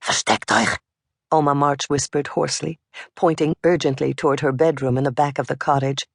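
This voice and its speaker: An audiobook narrator giving a measured, scripted reading of a novel. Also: medium pitch, flat delivery, creaky, dry recording, clean studio sound.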